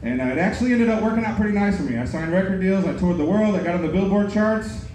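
A man doing a stand-up set at an open mic, delivering deadpan one-liners and laughing at his own jokes. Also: high-pitched, quick pace. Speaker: stand-up comic. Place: comedy club. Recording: very echoey club, noisy room. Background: audience laughter.

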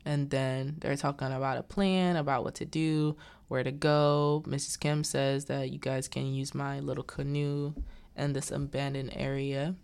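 A young woman talks through a movie plot in a relaxed, unhurried way, leaning on "like" as she quotes what the characters say. Her voice sits low for a woman, and she takes her time with each thought. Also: vocal fry, clear, resonant tone. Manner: retells the plot with quoted lines and filler "like". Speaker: movie reviewer. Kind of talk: casual movie recap.

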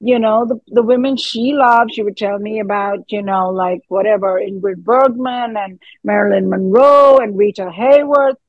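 A woman in her fifties, an actress being interviewed, talks earnestly and animatedly in casual chat, using fillers and letting thoughts trail off. She speaks at a medium pitch and normal speed with hardly any pauses, with no room sound and the highs cut off.

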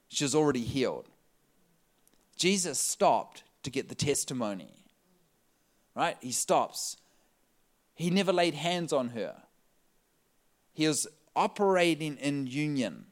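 Animated male preacher telling stories. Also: on the high side, slow, pauses often. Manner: animated, laughs often, voice rises in excitement. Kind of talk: sermon storytelling to a live audience.

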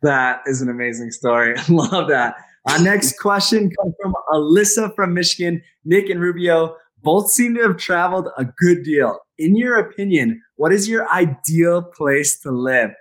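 Male podcast co-host, upbeat and enthusiastic, slightly high voice. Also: moderate pace, few pauses, a bit bright. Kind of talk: casual podcast chat.

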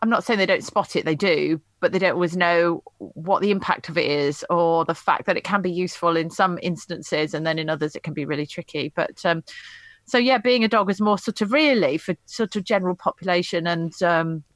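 A woman guest on a podcast, an animal behaviourist with a fairly low voice. She explains her ideas thoughtfully, hedging often along the way, and her voice sounds dry and close. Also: brisk, dry recording. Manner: thoughtful and explanatory, with hedging "sort of" and "you know". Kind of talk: interview answers.

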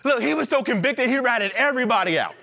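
A man preaching an animated, emphatic sermon to a church, repeating lines and joking between points. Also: very high voice, fast talker, gravelly. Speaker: pastor.

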